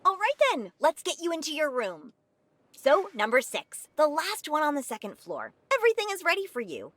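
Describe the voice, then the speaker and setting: A man voicing a polite young woman who works as a motel receptionist, in a chirpy sing-song falsetto while reading game dialogue aloud. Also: wildly swooping pitch, normal speed, pushed and bright, full character voice.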